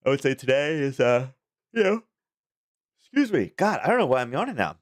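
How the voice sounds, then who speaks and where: A man's voice: mid-range voice, very animated, brisk, no echo. A man hosting a casual daily market commentary stream, talking in a rambling, chatty way with frequent chuckles.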